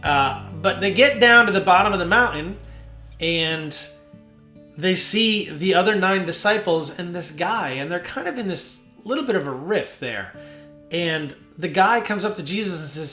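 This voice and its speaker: A man, a worship leader, hosting a casual devotional talk from his home studio, relaxed and rambling with many fillers. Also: high-pitched, moderate pace. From New Jersey. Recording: roomy studio with soft guitar.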